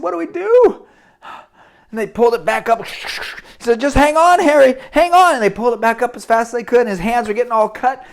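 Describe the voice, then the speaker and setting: A man telling a dramatic story to children, speaking straight to the boys and girls. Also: very high voice.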